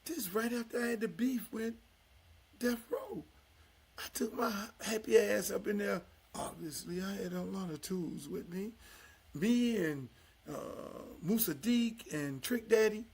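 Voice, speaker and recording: An older man from Miami hosting his own podcast, talking in a loud, emphatic, profane way that drops to low confessional asides. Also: measured pace, slightly rough. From Miami, United States. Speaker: podcast host. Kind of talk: casual profane talk-show monologue.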